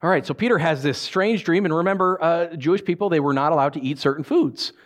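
A man, a pastor, preaching a sermon, reading scripture and acting out lively asides. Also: on the high side, fast talker. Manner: animated, acts out voices and asides.

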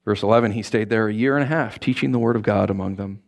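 A man preaching a sermon in a casual, conversational way, animated and quick to laugh, often acting out what people say. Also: on the low side, vocal fry. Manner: informal, animated, laughs often, acts out quotes. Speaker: pastor.

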